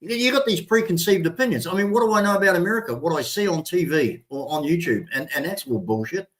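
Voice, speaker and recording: An older Australian man with a fairly high voice talks loosely on a livestream. He rambles and stumbles over his words, restarting sentences as he goes. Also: animated, fast talker. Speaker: livestream host. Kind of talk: casual livestream chat.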